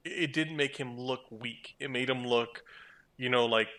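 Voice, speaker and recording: A man's voice: medium pitch, fairly even intonation, a little slow, sharp tone. A man co-hosting a casual podcast, giving his opinion earnestly and often restarting his sentences. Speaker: podcast co-host.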